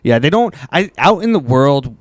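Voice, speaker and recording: A man hosting a podcast in casual chat, agreeable and quick to laugh. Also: fairly high pitch, big pitch swings, no room sound. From Canada. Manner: laughs easily, lots of agreeing fillers. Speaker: podcast host.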